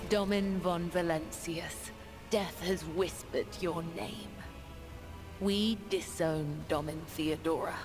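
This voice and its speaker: A woman voicing the solemn leader of a devout assassin cult in a video game, speaking in slow, grave ritual pronouncements. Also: fairly low pitch, fairly even intonation, rough recording. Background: game music.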